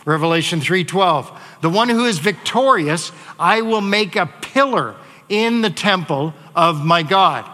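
A man preaching as pastor, reading scripture and then teaching in a loose, chatty way with small asides. His voice sits high and sounds bright. The sound rings with the long reverb of a church sanctuary. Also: expressive, measured pace. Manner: conversational teaching with fillers and asides.

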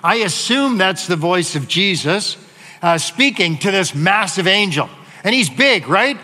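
Bright-voiced pastor preaching in a hall. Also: male voice, high voice, animated, measured pace. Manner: conversational teaching with fillers and asides. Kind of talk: sermon with scripture reading.

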